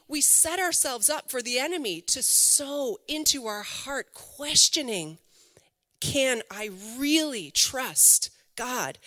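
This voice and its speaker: A middle-aged woman preaching an online sermon in a conversational, lively way, asking the viewers questions. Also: high-pitched, in a large hall. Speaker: pastor.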